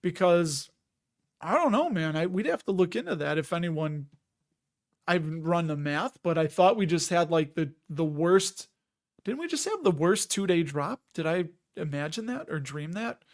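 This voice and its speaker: A man hosting a live chat stream, talking in a loose, wandering way and sounding a bit worn out. His voice sits a little high for a man. He reads out viewer comments as he goes. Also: lively intonation, moderate pace. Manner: rambling, chatty, reads viewer comments aloud. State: tired.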